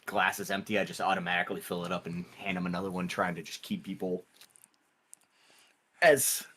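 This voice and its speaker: A man's voice: low voice, steady tone, fairly quick, fairly bright tone, slight background noise. A man playing his character in a tabletop game, loose and joking, with lots of filler words. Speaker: player. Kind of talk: casual tabletop game chat.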